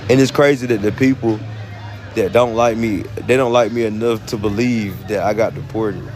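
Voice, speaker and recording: A man's voice: lowish voice, fairly even intonation, normal speed, a little mellow. Rambling Southern man on a live stream. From United States. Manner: rambling, full of fillers and laughs. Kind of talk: casual live-stream talk. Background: music.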